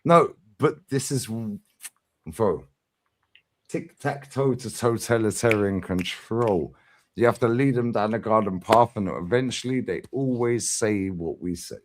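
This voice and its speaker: A man's voice: fairly low pitch, measured pace. A middle-aged man, arguing hard on a fan livestream and pushing each point with a challenging "yeah?". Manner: combative, emphatic, constant "yeah?" tags. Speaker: fan channel streamer. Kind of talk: heated livestream debate.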